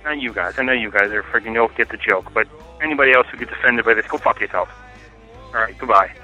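A man's voice: on the low side, quick pace, sharp tone, dull audio, faint music behind. A man leaving a profane, ranting voicemail. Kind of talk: angry phone rant.

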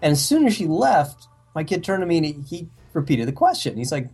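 A man's voice: on the high side, big pitch swings, fast, hardly any pauses, darkish tone, breathy edge, faint music behind. A man co-hosting a casual comedy podcast, telling jokes with dry, teasing banter. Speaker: podcast co-host.

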